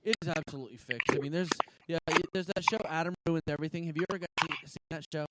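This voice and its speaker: A man from Vermont hosting a casual podcast chat, talking quickly and excitably and laughing often. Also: a little high, very noisy. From Vermont, USA. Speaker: podcast host.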